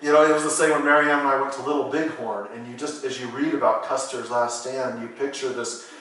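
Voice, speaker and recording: A man's voice: medium pitch, fairly even intonation, fairly quick, fairly bright tone. A middle-aged male pastor from California preaches in a loose, storytelling way, full of fillers and restarts. His voice rings through a very roomy church hall. He stands at some distance from the microphone. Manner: rambling, anecdotal, frequent "you know" fillers. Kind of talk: sermon. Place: church sanctuary. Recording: roomy hall, voice from far off the mic.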